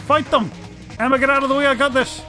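A man's voice: very high voice, steady tone, fast talker, sharp tone, soft background music. A man doing let's play commentary, swearing and mock-dramatically teasing the game's characters.

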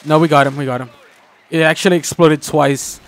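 Joking young man gaming with a friend. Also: on the high side. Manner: excitable, joking, quick reactions. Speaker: gaming channel host. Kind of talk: casual co-op gameplay chat.

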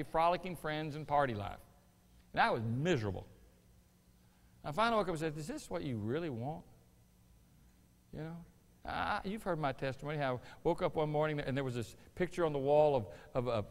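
A pastor preaches a sermon, his voice sitting a bit high for a man. He swings between quiet folksy asides and loud, emphatic peaks. The sound carries a long reverb from the church hall. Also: lively intonation, fairly quick. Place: church sanctuary.

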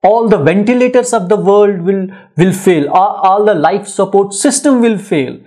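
A literature lecturer gives a poetry lecture that mixes English and Hindi, speaking emphatically and repetitively with many rhetorical questions. His voice sits high and is a little mellow, at a moderate pace.

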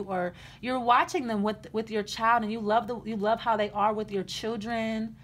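A woman's voice: on the high side, fairly quick, few pauses, a little hiss or hum. A woman giving a casual tarot reading in a blunt, chatty way, often restarting her sentences. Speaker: tarot reader.

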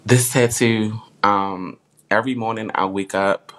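A man's voice: on the low side, fairly even intonation, unhurried, a bit bright. A man hosting a live stream, chatting casually in a heartfelt, rambling way full of filler words.

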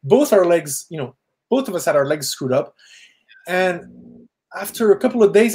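A man's voice: high voice, darkish tone. A middle-aged man from Quebec, a film director, earnestly recounting a personal story in an interview, with fillers and restarts. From Quebec, Canada.

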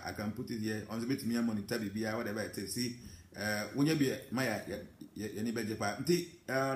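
Animated Ghanaian man, echoey room. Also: medium pitch. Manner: mixes English with Twi, animated and emphatic. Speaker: spiritual teacher answering viewer comments. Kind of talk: live stream talk reading comments.

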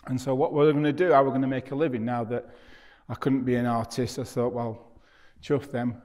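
A man's voice: medium pitch, level tone, quick pace, darkish tone. A middle-aged man giving a public lecture as an artist, telling stories in a chatty, self-deprecating way. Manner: chatty storyteller, self-deprecating, acts out quoted dialogue. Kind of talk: anecdotal lecture to an audience. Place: university lecture hall.

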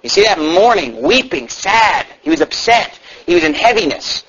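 A man preaching a sermon to his church, swinging from low asides to loud, fervent calls. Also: big pitch swings, moderate pace, husky. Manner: shouts and climbs high when fervent, mocking asides. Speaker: pastor. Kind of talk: fiery sermon. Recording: dull low-fidelity church recording, faint hiss.

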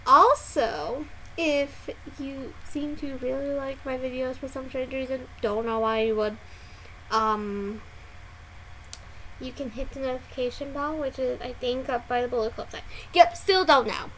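A woman hosting a casual music reaction vlog, excitable and given to loud, dramatic exclamations and frequent swearing. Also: sits high, measured pace, a little hiss or hum.

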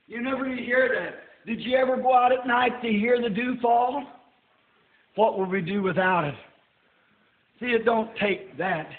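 An older man preaching a sermon in a church, folksy and rising to shouts. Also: high-pitched. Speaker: pastor. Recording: tinny roomy old sermon tape.

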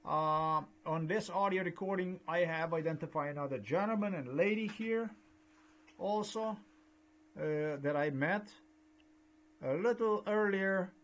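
Halting man. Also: high-pitched. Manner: halting, repetitive, earnest. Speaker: video blogger. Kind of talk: rambling vlog monologue.

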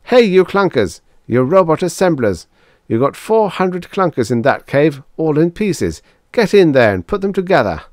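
A man voicing a brash, desperate young spacefarer who shouts in rough slang. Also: medium pitch, animated, moderate pace, no echo, clean studio sound, pitched above the performer's own voice, close to an everyday voice.

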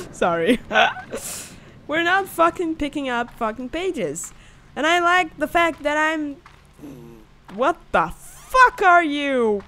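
A young woman talking through a horror game on a desk microphone. Her voice is bright and high, and she speaks at an unhurried pace. She lurches from screaming panic to quiet, calm muttering and curses constantly. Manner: swings between shrieking panic and calm muttering, swears a lot. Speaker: gamer. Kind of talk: horror gameplay commentary.

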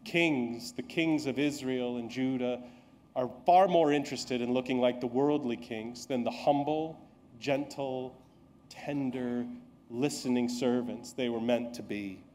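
A man's voice: medium pitch, measured pace, a little mellow, a little hiss or hum. A male pastor preaching a sermon in a conversational, self-deprecating storytelling way, acting out the lines of people he quotes.

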